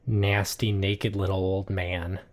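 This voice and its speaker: A man's voice: deep voice, flat delivery, slow pace. A man narrating as game master of a tabletop game, laid-back, with lots of fillers and swearing.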